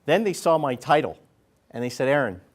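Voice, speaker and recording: A man's voice: a little high, expressive, fairly quick. Folksy male business speaker. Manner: conversational, folksy, acts out quotes. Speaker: keynote speaker. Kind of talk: business talk to a live audience. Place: event venue in front of an audience.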